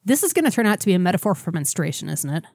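A woman co-hosting a podcast, recapping a comic in a quick, sardonic storytelling way. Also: fairly low pitch, big pitch swings, darkish tone, no room sound, studio quality. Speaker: podcast co-host. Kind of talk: casual comic-book chat.

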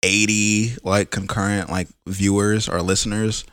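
A man's voice: on the low side, level tone, measured pace, fairly bright tone, clear, resonant tone, no echo, studio quality. A young man hosting a casual podcast, talking in a slangy, rambling way. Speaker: podcast host.

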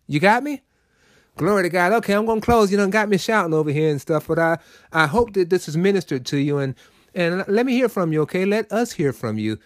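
High-voiced preaching man, dry sound. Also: lively intonation, fast talker, no room sound. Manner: folksy and preachy, talks straight to listeners. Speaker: radio preacher. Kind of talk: sermon.

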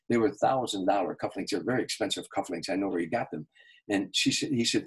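An older man with a husky, low voice tells story after story as an interview guest. He acts out the people he quotes as he goes. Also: fast talker, poor audio. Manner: animated anecdotes with quoted voices. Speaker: guest, entertainer.

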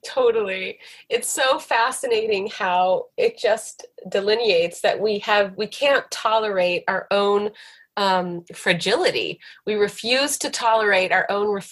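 A woman's voice: mid-range voice, measured pace, fairly bright tone. A woman hosting a podcast interview, musing earnestly before she asks a question. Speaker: podcast host. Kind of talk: reflective interview talk.

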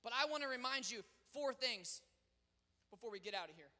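A young man preaches to his church, his voice sitting unusually high and ringing with a sharp, forceful brightness. He swings from loud proclamation to hushed, conversational storytelling. A long reverb trails his words through the large sanctuary. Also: lively intonation, brisk. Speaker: pastor. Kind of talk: sermon.

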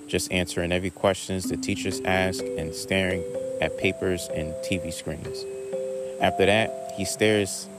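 A man reading a short story aloud in a plain, unhurried way. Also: low voice, little pitch movement, loud music behind the voice.

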